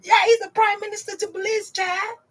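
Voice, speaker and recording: A woman's voice: extremely high pitch, little pitch movement, a little fast, fairly bright tone. A woman chatting casually to her viewers on a livestream tarot reading, slangy and direct.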